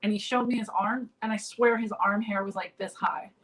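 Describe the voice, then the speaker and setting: A woman comedian guest, speaking at normal speed in a mid-range, fairly bright voice with fairly even intonation, tells stories full of fillers and restarts in a casual interview over a remote call. The recording is low quality.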